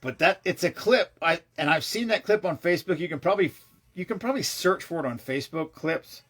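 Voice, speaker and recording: A man vlogging, telling a long rambling story in a casual, excitable way, swearing freely and often restarting his sentences. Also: on the high side, brisk, faint music behind.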